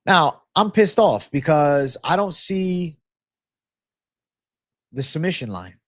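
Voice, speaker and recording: Slow-talking, swearing MMA betting host. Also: male voice, a little high, very animated, no echo, studio quality. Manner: frustrated, profane, ranting to chat. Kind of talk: live-stream prop picks talk.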